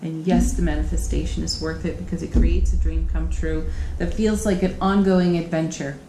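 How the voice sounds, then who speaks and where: A woman's voice: low voice, steady tone, normal speed, dark tone, a little hiss or hum. A woman giving a tarot card reading on her channel, speaking in an encouraging, affirming way. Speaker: tarot reader. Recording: echoey room with faint ambience.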